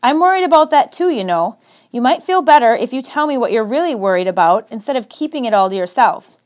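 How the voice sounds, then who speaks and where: An earnest teenage boy from the city, quick to defend himself and pleading in an emphatic, rising voice, as a woman reads him aloud. He sounds a little higher than the narration around him. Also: lively intonation, lightly acted. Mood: coaxing.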